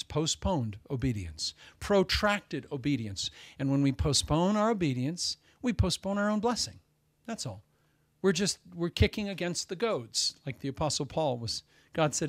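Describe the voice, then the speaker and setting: A man preaching a Sunday sermon as pastor, swinging between loud emphasis and hushed asides. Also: fairly high pitch, lively intonation, normal speed, no room sound.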